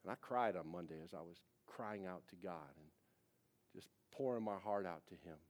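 A man's voice: low voice, moderate pace. A man in his forties, a pastor, preaching a sermon in a casual, conversational way, with frequent asides to the congregation.

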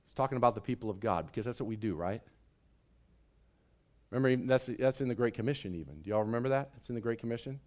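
A man preaching a sermon as pastor, animated and drawing the congregation into call and response. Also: medium pitch, fast talker. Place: church sanctuary.

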